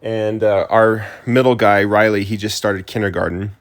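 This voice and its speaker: This is a man in his thirties from New Mexico with a very deep voice. He co-hosts a home podcast from his couch, drifting through thoughts and restarting sentences as he goes. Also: fairly even intonation, moderate pace. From New Mexico, USA. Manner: rambling, self-correcting. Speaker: podcast co-host, teacher. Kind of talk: casual chat. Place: home living room couch.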